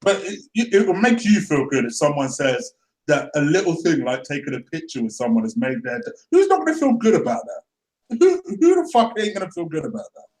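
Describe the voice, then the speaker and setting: Man, high lively voice, slangy, laughs a lot, echoey room. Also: brisk. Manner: animated, slangy storyteller, laughs often. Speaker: fan channel host. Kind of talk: casual chat.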